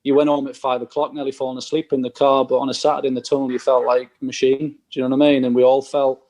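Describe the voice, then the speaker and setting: A man's voice: mid-range voice, flat delivery, rapid-fire, darkish tone. A man, a former footballer telling stories as a podcast guest and acting out the exchanges he quotes. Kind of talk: casual anecdote telling.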